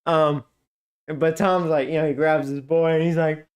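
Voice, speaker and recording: A gaming streamer with a fairly high-pitched voice at normal speed commentates a video game casually. He rambles, jokes, and laughs a lot.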